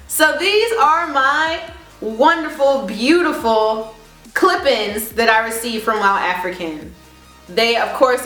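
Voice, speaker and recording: A woman vlogger telling a story in a casual, animated way, laughing often. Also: medium pitch. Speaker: beauty vlogger. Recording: roomy echo, faint music.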